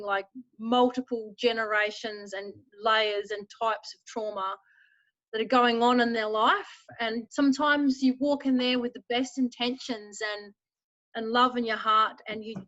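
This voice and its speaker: A woman's voice: a little high, a bit bright, no room sound. Hesitant woman on a dull dry call. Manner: hesitant, searching for words. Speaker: social worker asking a question. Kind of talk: casual question in a group call.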